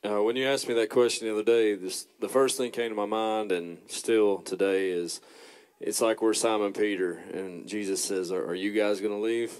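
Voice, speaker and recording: Low, smooth-voiced man. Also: steady tone, darkish tone. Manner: reflective, halting with fillers. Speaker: worship pastor and guest. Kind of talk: casual testimony chat.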